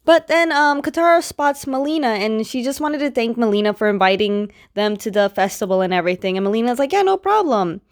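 A woman's voice: fairly high pitch, brisk, hardly any pauses. A woman casually recapping a comic book story, chatty and full of filler words. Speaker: reviewer retelling a story.

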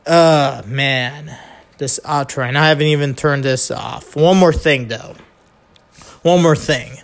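A man with a nasal, slightly high-pitched voice hosts a casual solo podcast. He talks off the cuff, stumbling and restarting sentences often, with casual swearing. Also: slow pace. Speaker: podcast host.

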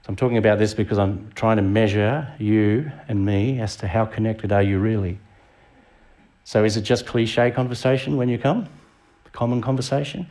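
A man's voice: fairly low pitch, darkish tone. A middle-aged Australian man preaching a sermon in a conversational way, asking the congregation questions. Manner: conversational, asks the audience rhetorical questions. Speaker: visiting preacher.

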